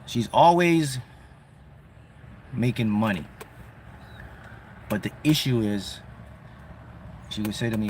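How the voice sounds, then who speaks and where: A man giving a motivational talk on manifesting, acting out his clients' voices with lively energy. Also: on the low side, unhurried, long pauses, slight background noise. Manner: animated, acts out clients' voices. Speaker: manifestation coach.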